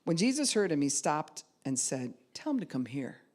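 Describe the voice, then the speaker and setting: A woman pastor delivers a sermon in a low, deep-set voice. She preaches with animated, shifting delivery, swinging from quiet asides to loud ringing cries as she retells the story. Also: moderate pace.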